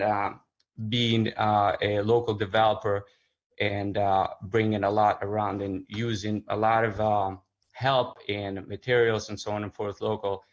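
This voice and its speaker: A man speaking at public comment in a town meeting, halting with many filler uhs. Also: lowish voice, lo-fi sound. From Connecticut. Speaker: local business owner speaking at public comment.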